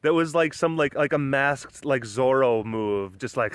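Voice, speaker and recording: A man records a casual vlog while walking around outdoors at a big cat sanctuary, bubbly as he chats with viewers and baby-talks to the cats. His mid-range voice is a little slow but hardly pauses, and the tone is clean with no echo.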